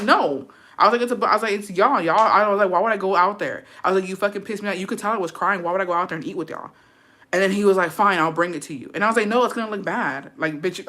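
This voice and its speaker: A young woman telling a story in casual chat, animated and profane, slipping Spanish phrases into her English. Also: on the low side.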